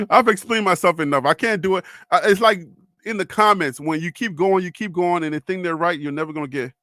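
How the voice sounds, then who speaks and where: A man's voice: sits high, brisk, bright, forceful tone, dry recording, clean studio sound. A man from Brooklyn hosting a live stream, arguing back at viewer comments in casual chat. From Brooklyn, New York. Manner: argumentative, rebutting viewers.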